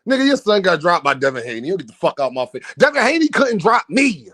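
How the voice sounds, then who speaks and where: A man's voice: sits high, sing-song, a little fast, fairly bright tone, no echo, studio quality. A man hosting a boxing livestream, ranting at his viewers in a brash, profane, mocking way. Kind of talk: heated livestream rant at viewers.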